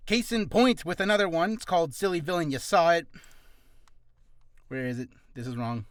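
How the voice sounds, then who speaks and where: A man's voice: a little high, fairly bright tone, no echo, clean studio sound. A man giving a casual voice-acting tutorial in a goofy, rambling, self-deprecating way.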